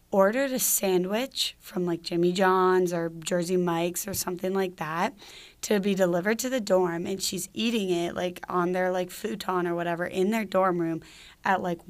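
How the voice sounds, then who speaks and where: A young woman from Georgia in the US, telling a story from her own life. She sounds casual and chatty and drops "like" into nearly every sentence. Her voice sits a little low for a woman. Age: young adult. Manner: chatty, full of "like" fillers.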